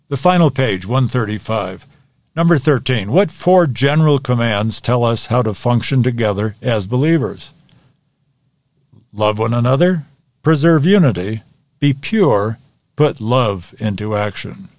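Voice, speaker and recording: A man leads a Bible study lesson at a steady, measured pace, reading questions and giving the answers one by one. His voice sits in a middle range. The sound is dry and close, with no room echo. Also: mid-range voice.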